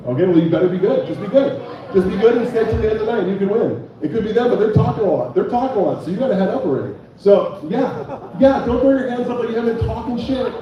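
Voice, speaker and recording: A man's voice: high voice, quick pace, heavy reverb, distant mic, highs cut off. A young man hosting a bar comedy night and doing stand-up, loose and joking, chatting with the crowd. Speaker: comedy show host and stand-up comic.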